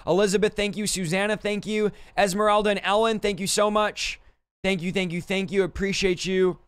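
A man hosting a livestream, quickly thanking donors and stumbling over names, a little out of breath. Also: sits high, fairly even intonation, clean tone, no echo. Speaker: livestream host.

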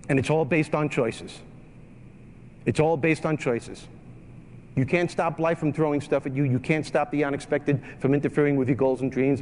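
A man's voice: medium pitch, a little mellow. A man from New York with a New York accent, giving a punchy, emphatic motivational keynote speech and driving home key phrases by repeating them. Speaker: keynote speaker and comedian. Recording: live talk in an echoey hall, faint room noise.

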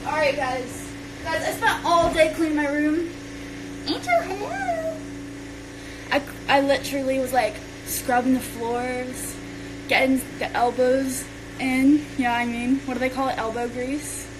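A young woman with a high voice chats casually and rambles on a phone livestream while she tidies her bedroom. A steady hum of background noise sits under her voice. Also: moderate pace. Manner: chatty and rambling, talks while tidying up. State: out of breath. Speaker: social media creator.

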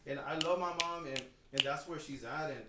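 A man's voice: fairly high pitch, fairly quick, reverberant, distant mic, very noisy. A man co-hosting a podcast, talking candidly and emotionally, swearing freely and often adding "you know what I'm saying". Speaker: podcast co-host.

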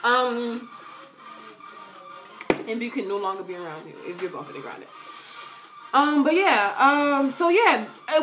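A young woman chatting casually to her webcam, slangy and animated, often breaking into loud quoted voices. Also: fairly high pitch, measured pace, long pauses, music in the background. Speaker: vlogger answering viewer questions. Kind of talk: casual chat to camera.

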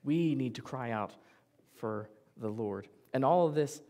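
A man's voice: mid-range voice, lively intonation, unhurried, mellow. A male pastor preaching a sermon in a conversational, jokey way, often acting out what people say. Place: church sanctuary.

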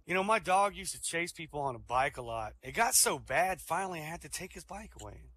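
A middle-aged man telling one-liners as a stand-up comedian on an online voice-chat comedy show, relaxed and chuckling at his own punchlines. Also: on the high side, fairly quick. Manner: laid-back, fills with "you know" and "um", laughs at his own jokes.

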